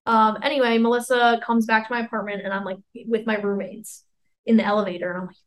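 Telling a meandering story on a podcast she co-hosts, a young woman in her twenties says "like" constantly and acts out what people said. She talks fast in a higher, level voice, and the recording is rough.

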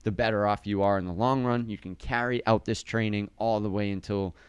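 A man's voice: lowish voice, fairly even intonation, fairly quick, clear, resonant tone, no echo. A male fitness coach co-hosting a casual podcast, talking in an upbeat coaching tone with a slight lisp from a sore tongue.

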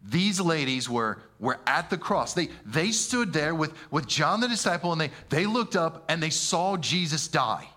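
Bright-voiced, animated male preacher. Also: fairly high pitch, normal speed, few pauses. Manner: animated, conversational, with slang and frequent stammered restarts. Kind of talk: sermon.

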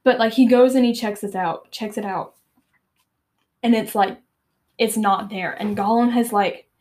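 A woman's voice: mid-range voice, fairly even intonation, a little slow, darkish tone. A teenage girl hosting a podcast, retelling and reading aloud from a book in a chatty, filler-heavy way. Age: teens. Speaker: podcast host.

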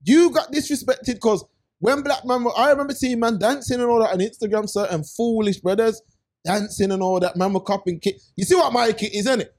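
A man with a notably high voice, talking in loose, emphatic podcast banter. He speaks with lots of street slang and sudden bursts of emphasis. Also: a little fast, a little mellow. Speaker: podcast co-host.

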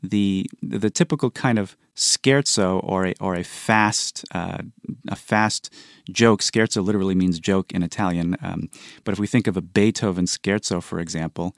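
A man's voice: low-pitched, steady tone, normal speed, creaky, no room sound, studio quality. Man explaining music thoughtfully. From United States. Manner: thoughtful, counts beats and hums rhythms aloud. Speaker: composer guest. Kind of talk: explanatory interview talk.

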